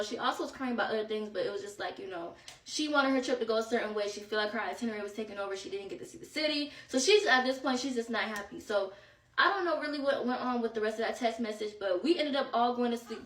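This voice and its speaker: Woman with aave spilling vacation tea, kinda high voice, sounds a bit far from the mic. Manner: animated, slangy, quoting friends in bursts. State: out of breath. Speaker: vlogger telling a story. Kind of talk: casual storytime. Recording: echoey room, voice set back from mic.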